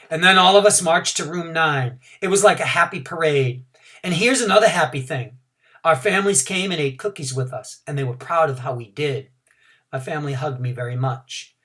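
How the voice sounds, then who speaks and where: A man, a teacher, reading a children's storybook aloud in an animated, expressive way. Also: medium pitch, normal speed.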